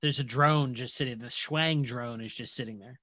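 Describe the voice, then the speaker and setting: A man's voice: medium pitch, moderate pace, bright, forceful tone. A man running a tabletop game as game master, giving matter-of-fact rulings and scene descriptions.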